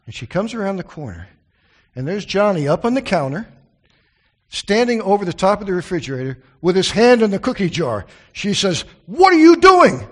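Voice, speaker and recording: Male preacher, Bible study sermon; slightly high voice, earnest, drifts into casual asides. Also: lively intonation, brisk. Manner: earnest, with chatty asides and restarts.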